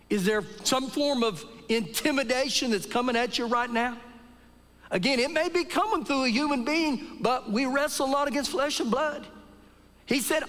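In a reverberant church sanctuary, a pastor with a high male voice delivers a sermon full of lively storytelling, acting out the lines he quotes. Faint music and long reverb fill this live service recording.

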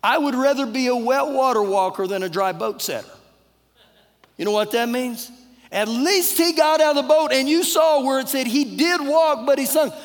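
High-voiced Texan pastor preaching in a reverberant hall. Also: male voice, normal speed. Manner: earnest, conversational preaching with repeated phrases. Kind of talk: sermon. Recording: long church-hall reverb.

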